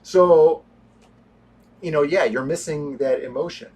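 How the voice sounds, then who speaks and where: A man co-hosting a casual movie review chat, animated, often acting out scenes in quoted voices. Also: medium pitch, normal speed. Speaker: podcast co-host.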